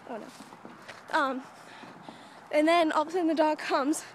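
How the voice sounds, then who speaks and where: A woman's voice: high-pitched, steady tone, normal speed, slight background noise. A young woman recording a phone vlog outdoors, telling a story in a chatty, breathless, giggly way. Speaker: vlogger. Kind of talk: excited casual storytelling. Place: outdoors by a cemetery. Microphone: phone camera.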